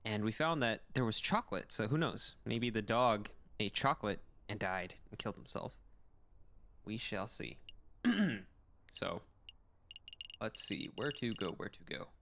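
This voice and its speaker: A man's voice: fairly low pitch, lively intonation, a little slow, vocal fry, pauses often, a bit bright. A man casually narrating and joking while playing a story game. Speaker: streamer. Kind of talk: game let's play commentary.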